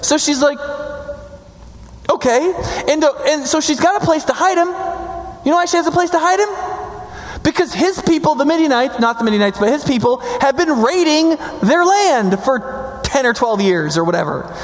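A man teaching Bible stories in a casual, jokey way, animated and acting out quotes, with frequent "right?" asides. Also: very high-pitched, a little fast. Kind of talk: casual storytelling lecture. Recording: long hall reverb.

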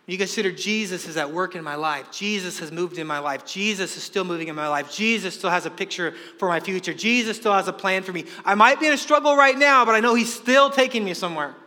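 Male pastor, energetic preaching with quoted voices; bright, sharp tone. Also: high-pitched, fast talker, hardly any pauses. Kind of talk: sermon. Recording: long hall reverb.

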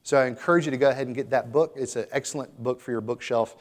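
A man's voice: mid-range voice, fairly even intonation, fast talker. A man preaching a sermon as a pastor, earnest and emphatic. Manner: earnest, emphatic, building to exhortation. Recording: long hall reverb.

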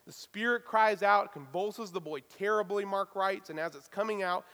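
High-voiced male pastor in a reverberant hall. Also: normal speed. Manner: conversational, animated, self-deprecating humor. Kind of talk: sermon.

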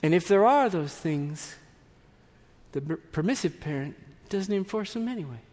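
A man's voice: high-pitched, animated, moderate pace, a little mellow, long reverb tail. A man preaching a sermon as pastor, telling stories conversationally with asides and restarts.

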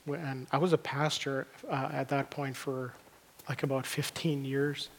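A man's voice: mid-range voice, flat delivery, unhurried. A middle-aged man, preaching a sermon in an earnest, conversational way and repeating words as he looks for them. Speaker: pastor. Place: church hall. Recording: long reverb of a church hall.

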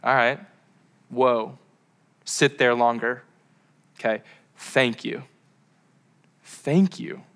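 A young man gives a relaxed sermon to a crowd in a bright, forward voice. He rambles, wanders off on tangents, and keeps dropping in fillers. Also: mid-range voice, slow pace, gravelly, long pauses, smooth. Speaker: preacher. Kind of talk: casual sermon to a live crowd.

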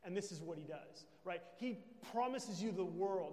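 A man's voice: high voice, normal speed, a little mellow. A man preaching a sermon as pastor. He speaks emphatically and keeps checking in with his listeners. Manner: emphatic, with conversational check-ins. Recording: echoey hall with long reverb.

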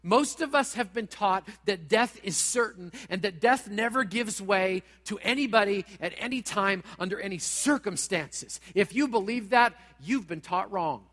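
A pastor preaching a sermon in a church, talking straight at the congregation in a dramatic way. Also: male voice, sits high, normal speed, hardly any pauses, fairly bright tone, long reverb tail. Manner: dramatic, direct, acts out quoted voices.

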